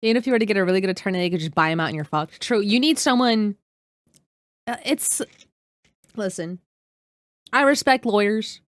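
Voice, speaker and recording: A woman's voice: medium pitch, a little fast, long pauses, no room sound. Fired-up young woman streamer, dry sound. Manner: heated, swearing, greets chat by name. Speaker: streamer reacting to a video. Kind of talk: casual live-stream reaction.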